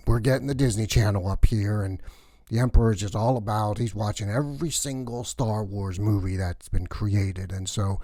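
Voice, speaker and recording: Guy doing a gossipy space station cleaner, rambly and chatty, low mellow voice, dry sound. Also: no echo, close to an everyday voice. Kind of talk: comic character sketch.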